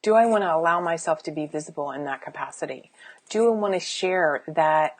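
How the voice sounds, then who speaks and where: A woman's voice: deep voice, a little fast. A middle-aged woman, a life coach, sitting indoors and giving an emphatic, chatty live-streamed motivational talk with sighs and restarts.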